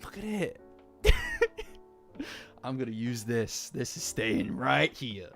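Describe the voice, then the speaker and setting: An excitable male streamer chatting casually with his viewers and swearing freely. His pitch leaps all over as he gasps and exclaims. Soft music plays faintly behind him. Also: unhurried, vocal fry. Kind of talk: casual live-stream chat. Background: faint background music.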